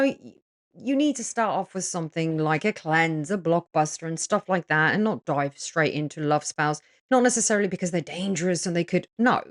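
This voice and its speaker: Blunt, low-voiced woman talking frankly. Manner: blunt and frank, swears freely; chatty, with frequent fillers and tag questions. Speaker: spiritual practitioner offering spell consultations. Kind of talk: casual to-camera talk.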